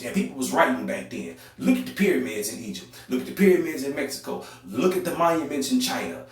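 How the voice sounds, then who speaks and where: A young adult podcast host with an African American Vernacular English accent delivers an impassioned, preachy monologue, repeating phrases and swinging between loud outbursts and quiet, low stretches. He sounds distant in a very echoey room.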